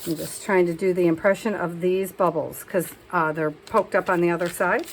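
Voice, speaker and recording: A woman's voice: fairly low pitch, fairly even intonation, normal speed, hardly any pauses, slight background noise, rough recording. A woman talking casually through a crafting session as a vlogger, chatting and scolding herself as she works.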